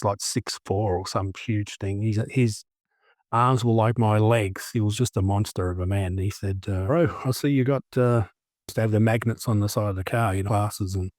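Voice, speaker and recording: A man's voice: on the low side, a little mellow, no room sound, clean studio sound. A man hosting a podcast interview, joking and telling long anecdotes in casual chat. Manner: jokey, tells long anecdotes. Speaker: podcast host.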